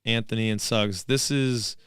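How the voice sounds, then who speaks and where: A man's voice: fairly low pitch, steady tone, unhurried, fairly bright tone, clean tone, no room sound, studio quality. A man co-hosting a basketball podcast, chatting casually and joking while watching a live game. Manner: jokey, chatty, reacts to plays. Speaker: podcast co-host.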